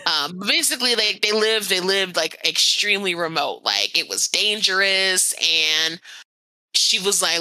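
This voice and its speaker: Woman on a podcast, bright forceful voice, dry close sound, rambly storytelling full of likes and ums. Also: lowish voice, unhurried, dry recording. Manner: rambling, animated storytelling with many fillers. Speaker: podcast co-host. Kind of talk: casual podcast chat.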